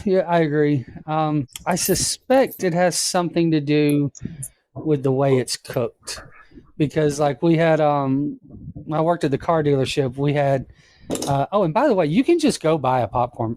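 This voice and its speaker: A man's voice: on the high side, moderate pace, a little mellow, a little hiss or hum. A man co-hosting a casual podcast in a laid-back, profane way. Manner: laid-back, swears freely. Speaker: podcast co-host. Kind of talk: casual chat.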